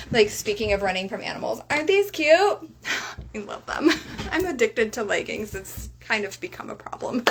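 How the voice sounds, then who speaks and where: A woman coach in a casual motivational talk, often asking "right?", who slows down to lead guided breathing. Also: a little high, fairly bright tone, slight background noise. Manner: chatty, tags sentences with "right?"; leads slow guided breathing. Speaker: reiki coach.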